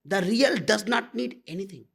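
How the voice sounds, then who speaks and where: A man teaches at a satsang in a high voice with a gravelly edge. He talks bluntly but tenderly to his listeners. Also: lively intonation, normal speed, a bit bright. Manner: blunt and intimate, calling listeners "my love". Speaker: spiritual teacher. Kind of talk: satsang talk.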